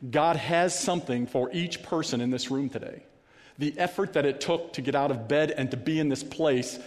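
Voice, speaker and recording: A man's voice: mid-range voice, moderate pace. Man preaching in a reverberant church. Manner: earnest, repeats key phrases for emphasis. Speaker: pastor. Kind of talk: sermon. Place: church sanctuary. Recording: long hall reverb.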